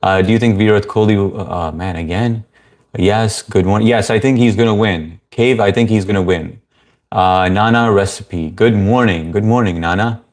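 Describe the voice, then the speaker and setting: A man with a lowish voice and normal speed hosts a casual livestream. He reads viewer comments aloud and greets people by name in an easygoing way.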